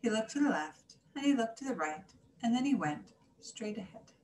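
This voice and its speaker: A woman reading a children's story aloud in an animated, singsong way. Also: on the high side, moderate pace. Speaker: story reader. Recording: echoey room, faint hiss.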